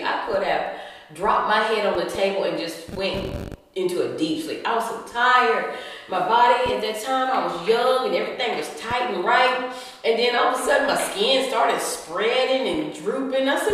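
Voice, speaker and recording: A woman, a podcast guest telling her story with animated quotes and frequent laughter. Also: a little high, moderate pace, far from the mic. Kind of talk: storytelling interview chat. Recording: echoey room, voice from the mic.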